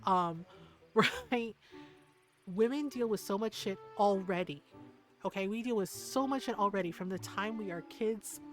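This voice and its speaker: A woman's voice: medium pitch, unhurried, soft background music. A woman streamer in casual chat, ranting heatedly with lots of swearing and frequent "like" and "right?".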